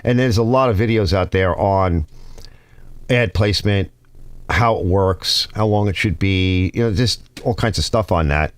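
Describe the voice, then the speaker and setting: A man's voice: deep voice, measured pace, dry recording. Man, New York accent, casual rambling, channel host, dry room. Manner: rambling, restarts sentences, reads comments aloud. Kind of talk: casual rambling talk to viewers.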